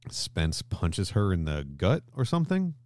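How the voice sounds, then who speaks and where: A very deep-voiced man recaps a story on a podcast, lively and loose, jumping into characters' lines as he goes. His voice is close and dry, with no room sound around it. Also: measured pace, dry recording. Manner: animated retelling, acts out character lines, swears casually. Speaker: podcast host. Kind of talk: casual chat recapping a story.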